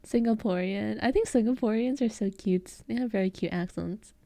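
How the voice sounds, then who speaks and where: A woman's voice: mid-range voice, moderate pace, vocal fry, dark tone, no echo. An American woman with an Eastern American accent, chatting casually with her live chat as a streamer and giggling often. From United States.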